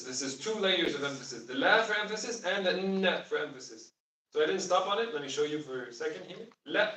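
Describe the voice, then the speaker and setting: A man's voice: fairly high pitch, bright, forceful tone. Man teaching a class from across a roomy space. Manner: explains patiently, asks class questions. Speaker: Quran Arabic teacher. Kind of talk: classroom lesson. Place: classroom with students. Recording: roomy sound from far off.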